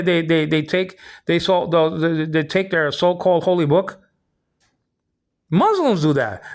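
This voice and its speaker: Man, high gravelly voice, rambling indignant rant full of stammered restarts. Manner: indignant complaining. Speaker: vlogger. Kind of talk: ranting personal monologue.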